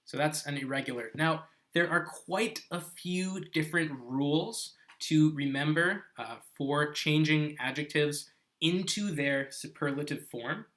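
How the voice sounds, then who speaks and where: A man's voice: a little high, unhurried, fairly bright tone. A man teaching English grammar in a live-streamed lesson, explaining patiently and often checking "okay?" with his viewers. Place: living on an island in South Korea.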